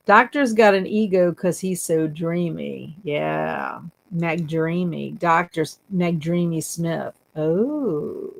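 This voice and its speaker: A woman's voice: sits low, drawn-out words, vocal fry. A woman hosting a casual livestream, giggling often as she reads viewer comments aloud and teases her chat. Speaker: booktube livestream host.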